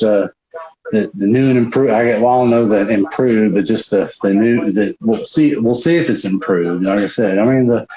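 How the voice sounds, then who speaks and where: A man's voice: fairly low pitch, mellow. A man, a wrestler guest, telling stories on a video call in a rambling, profane way, full of restarts. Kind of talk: casual storytelling interview. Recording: roomy, dull lo-fi livestream audio.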